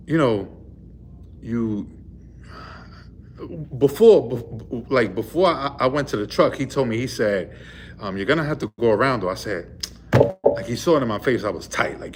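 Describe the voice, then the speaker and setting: A man's voice: medium pitch, expressive, a little slow, long pauses, a little hiss or hum. A man, a truck driver, casually retelling a run-in with the police, rambling and full of fillers. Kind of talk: casual storytelling vlog. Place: in a vehicle.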